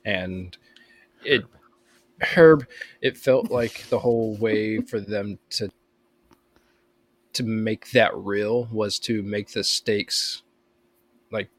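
Low-voiced man explaining in casual chat. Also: slow. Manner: rambling, explanatory, many fillers. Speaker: podcast co-host.

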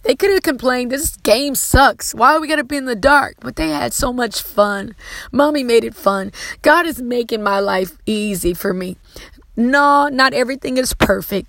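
A middle-aged woman preaches a heartfelt testimony, her voice fervent and close to tears. Her pitch sits a little high, and the sound is dry and close, with no room around it. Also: a bit bright, no echo, low-quality recording. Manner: emotional, fervent, fighting tears. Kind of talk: testimony sermon.

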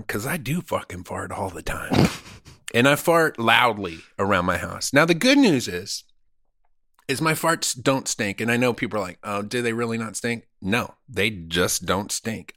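A man in his forties co-hosts a casual comedy podcast, telling crude jokes and acting out quotes in goofy voices. His voice is bright and forward. The recording is dry and close, with no room sound. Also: medium pitch, big pitch swings, normal speed, dry recording. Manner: crude, joking storyteller, acts out quotes in funny voices. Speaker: podcast co-host.

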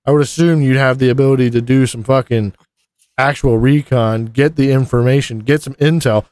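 A man's voice: mid-range voice, steady tone, a little fast, darkish tone, dry recording. A man co-hosting a casual podcast, rambling with lots of fillers and swearing. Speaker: podcast co-host. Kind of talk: casual profane chat.

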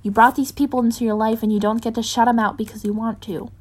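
Brief: woman reader doing a fierce young heroine, clipped short phrases, pitched a bit high, storybook reading. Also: fairly even intonation, quick pace, natural voice. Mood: terse, fierce.

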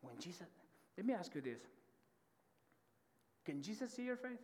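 Male pastor, high voice, fervent sermon delivery with lots of restarts; long hall reverb. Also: big pitch swings, moderate pace, darkish tone, slight background noise. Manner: passionate, fervent preaching; repeats words and restarts often. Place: church auditorium.

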